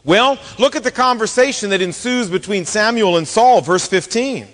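High-voiced preacher in a reverberant hall. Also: male voice, normal speed. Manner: expressive Bible storytelling, acting out quotes. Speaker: pastor. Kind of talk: sermon.

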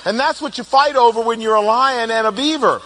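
A middle-aged man giving a humorous, animated talk, telling family stories and acting out quotes. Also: very high-pitched, brisk, a little hiss or hum. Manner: animated storytelling, playful, acts out quotes. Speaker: speaker on personality types.

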